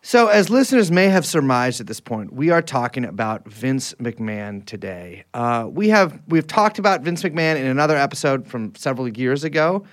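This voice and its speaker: A man's voice: mid-range voice, sing-song, normal speed, hardly any pauses. A man hosting a casual podcast, talking in a rambling, chatty way with frequent restarts. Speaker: podcast host.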